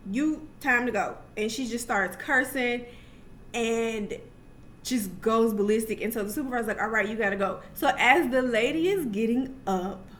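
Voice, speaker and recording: A woman's voice: medium pitch, slight background noise. A young adult woman telling a personal story to camera in a casual, chatty way, full of asides and restarts. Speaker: vlogger.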